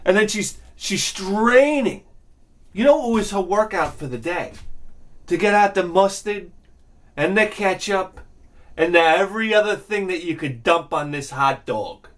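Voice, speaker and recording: Animated ranting man, lively pitch. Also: a little slow. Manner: animated, profane, swings between mutters and shouts. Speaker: video host. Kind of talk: ranting comedic monologue.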